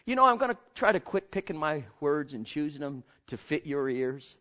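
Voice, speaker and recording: A male preacher with a somewhat high voice delivers a fervent sermon. He drifts between soft, intimate murmurs and loud, ringing exhortations. The recording is dull and lo-fi. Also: big pitch swings, moderate pace.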